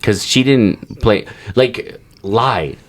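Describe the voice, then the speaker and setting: Very low-pitched young man in a casual podcast chat, swears a lot, tells stories with big animated voices, loose and rambling. He sounds like a regular on the show, trading stories with his co-hosts. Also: extremely slow. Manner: crude, animated storyteller who swears freely. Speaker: podcast co-host.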